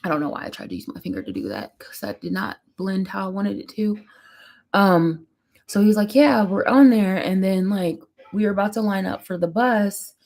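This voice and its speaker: A young woman chatting to camera as she does her makeup, telling a story about her son with lively quotes. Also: medium pitch, a little fast. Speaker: vlogger, mother. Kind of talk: casual chat to camera. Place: home.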